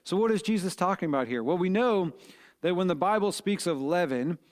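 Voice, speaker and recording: A man's voice: high-pitched, lively intonation, fairly quick. A middle-aged man, preaching a short devotional sermon in an earnest, conversational way, with fillers and restarts. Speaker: pastor.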